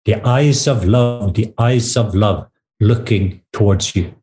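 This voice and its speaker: A middle-aged man from Norway, a guest minister, leading a slow, drawn-out spoken prayer. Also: fairly low pitch, a little mellow, soft background music.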